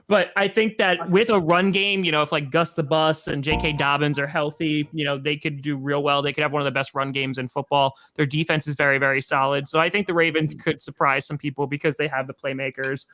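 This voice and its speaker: A young man talks sports in a loose, rambling way, piling up quick picks. His voice sits a little high, and the sound is close and dry. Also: level tone, pushed and bright, no room sound. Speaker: sports podcast co-host. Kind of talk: casual sports chat.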